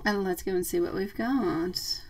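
A woman hosting a live tarot reading, chatty and affectionate, calling her listeners sweetie and love, playful and quick to laugh. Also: medium pitch, a little mellow, far from the mic, poor audio. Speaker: tarot reader.

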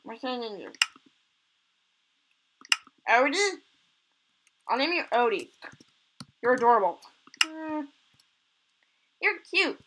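High, bright, excitable woman gamer. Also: slow pace, long pauses, a little hiss or hum, low-quality recording. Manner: excitable, gushing over cute animals. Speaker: gaming channel host. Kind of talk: let's play commentary.

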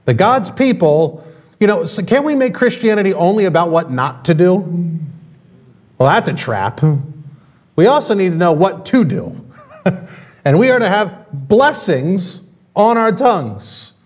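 A man preaching a sermon in a church, his voice pitched high for a man and swinging widely up and down. He talks to the congregation in a loose, conversational way, breaking off for quick asides. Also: big pitch swings, darkish tone. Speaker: pastor. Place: church sanctuary.

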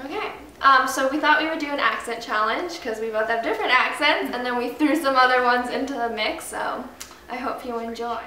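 A woman's voice: sits high, a little fast, hardly any pauses, sharp tone. A young woman hosting her vlog in a casual, giggly, chatty way with plenty of ums. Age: young adult. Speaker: vlogger host. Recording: echoey room, camera from far off, faint hiss.

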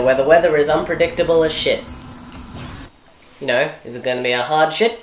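Her voice is a rumbling low, at normal speed with long pauses, and there's a little hiss or hum on the recording. She's a young woman narrating a let's play as a gaming commentator, rambling, joking and talking to herself during play, with echo and game music around her.

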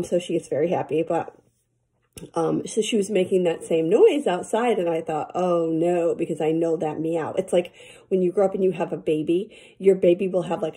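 A woman's voice: on the low side, mellow, slightly rough. A woman teacher telling her students a rambling story in a casual, chatty morning message, with lots of fillers.

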